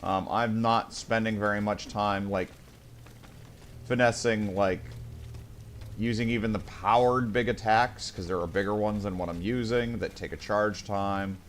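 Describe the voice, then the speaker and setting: Slight noise sits behind this gaming streamer's lowish, steady voice as he unhurriedly comments on what he's playing. He talks to viewers, mumbles to himself and lets out swear words when something goes wrong.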